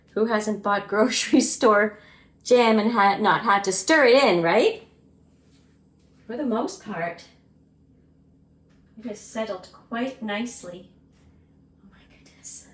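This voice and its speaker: A woman chatting casually in a home vlog, earnest and openly emotional as she talks to her viewers from her kitchen. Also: medium pitch. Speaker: homestead vlogger.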